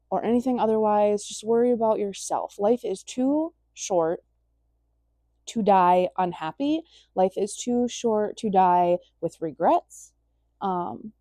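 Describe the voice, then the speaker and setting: A young woman speaking straight to camera in a casual rant, blunt and emphatic and swearing freely. Her voice is mellow and relaxed, recorded dry and close with no room sound. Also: mid-range voice, dry recording. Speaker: vlogger.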